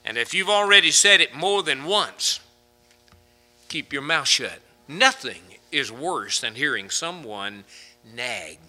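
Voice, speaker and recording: A man preaching a sermon with humorous anecdotes, swinging from loud emphasis to hushed asides. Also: fairly high pitch, animated, a little slow.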